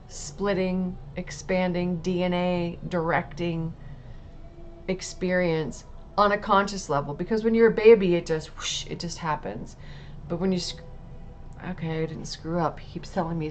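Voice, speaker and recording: A woman's voice: on the low side, slight background noise. A mother speaking to a camera, telling her personal testimony in a candid, emotional way and swearing casually. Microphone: talking to camera.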